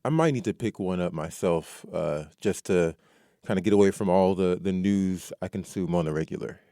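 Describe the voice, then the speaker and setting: A man's voice: deep voice, normal speed, mellow, no echo, clean studio sound. A man hosting a radio interview, asking chatty, rambling questions. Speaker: radio host.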